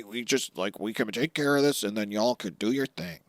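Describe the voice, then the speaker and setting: A man co-hosting a podcast, recapping a comic casually and jumping into high voices for the characters' lines. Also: normal speed, dry recording. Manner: animated storytelling, acts out characters' lines in sudden high voices. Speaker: podcast co-host.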